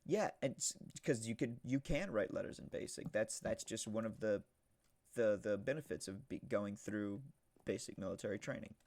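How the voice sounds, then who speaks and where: A young man streaming a game, casually telling a rambling story with lots of restarts, now and then shouting a punchline. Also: fairly low pitch, normal speed. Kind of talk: casual storytelling while gaming.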